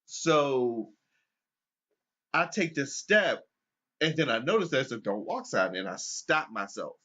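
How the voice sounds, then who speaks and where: A man's voice: medium pitch, slow pace. A man co-hosting a podcast who tells a story casually, swears freely and laughs often. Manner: animated, profane, laughs often. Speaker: podcast co-host. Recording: dull lo-fi recording.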